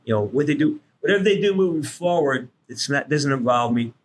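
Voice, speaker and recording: A man, a guest voice actor, telling stories on a podcast in an animated way, swearing freely and acting out what people said. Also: fairly high pitch, fairly quick, a little hiss or hum. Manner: animated, swears freely, acts out quoted lines. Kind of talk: casual podcast storytelling.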